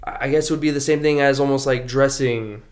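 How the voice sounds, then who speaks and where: A man who is a guest on a casual podcast, relaxed, thinking aloud and searching for his words. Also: medium pitch, fast. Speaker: podcast guest, internet comedian.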